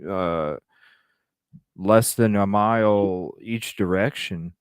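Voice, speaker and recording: Male caller, slow unhurried delivery, smooth clear voice. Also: lowish voice, no echo, clean studio sound. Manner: slow, hesitant, talks with fillers. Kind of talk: casual call-in chat.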